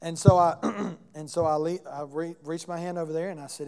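A man's voice: fairly high pitch, fairly even intonation, normal speed, hardly any pauses, darkish tone, clear, resonant tone. A man preaching as pastor, telling a story in a conversational way and putting questions to the congregation. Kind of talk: sermon. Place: church sanctuary. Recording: long church hall reverb.

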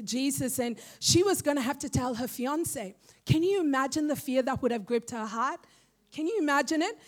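High-voiced woman preaching a sermon. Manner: impassioned, asks rhetorical questions, calls out "Amen?".

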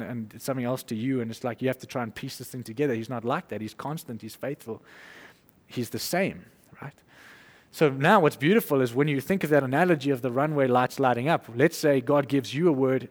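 Casual preacher man in a reverberant hall. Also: medium pitch. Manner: conversational, animated, acts out quotes with laughs. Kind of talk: informal sermon.

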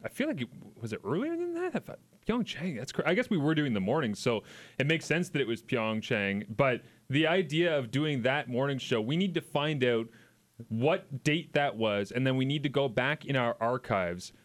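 A man's voice: mid-range voice, big pitch swings, moderate pace. A middle-aged Canadian man co-hosting a sports radio show, chatting casually, rambling through stories and laughing often. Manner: laughs a lot, rambling storyteller. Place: radio studio.

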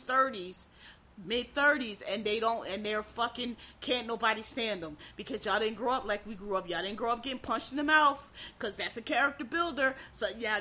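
A woman ranting bluntly to camera, swearing freely, stumbling over restarts and climbing into shouts. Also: on the high side. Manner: frequent restarts and stammered repeats. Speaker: vlogger. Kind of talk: profane ranting monologue.

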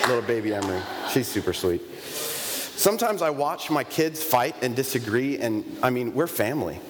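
A man's voice: medium pitch, fairly bright tone, slight background noise. Conversational man preaching in a reverberant hall. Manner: conversational, emphatic, with rhetorical questions. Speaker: pastor. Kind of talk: sermon. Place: church sanctuary. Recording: long reverb of a large hall, faint ambience.

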